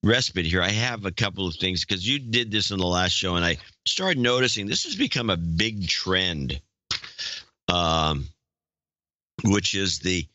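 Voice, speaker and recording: Male co-host, blunt and plain-spoken, lowish bright voice, casual political chat. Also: expressive, unhurried, no echo, lo-fi sound. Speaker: podcast co-host.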